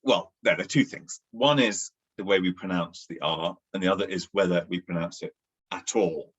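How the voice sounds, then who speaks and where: A Southern English man co-hosts a podcast, his low, slightly breathy voice moving at a normal pace. The chat is casual and discursive, with plenty of fillers.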